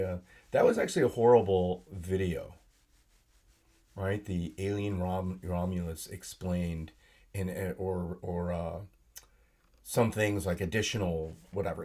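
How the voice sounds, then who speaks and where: A low-voiced man hosts a solo live stream from his desk. His voice is tired and sore from yelling all day at work. He rambles, trails off, and fills the gaps with ums and uhs as he fiddles with his computer. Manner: rambling, filler-heavy, self-talk while using the computer. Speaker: podcast host. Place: home desk with laptop and monitor.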